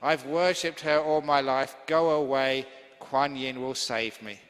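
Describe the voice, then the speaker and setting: A man voicing a stubborn, devout old temple priest who insists on his faith and ends up shouting. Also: mid-range voice, steady tone, measured pace, lightly acted. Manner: insistent, defiant, shouting in the end. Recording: long hall reverb.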